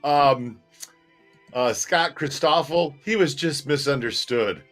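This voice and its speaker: A male host of a casual livestream reads viewer comments aloud and chats about them in a relaxed way. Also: mid-range voice, takes it slowly, soft background music.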